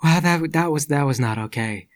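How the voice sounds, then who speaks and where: A man playing a tabletop game, excitable and quick to laugh. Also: on the high side, dry recording, clean studio sound. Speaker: player. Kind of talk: casual game chat.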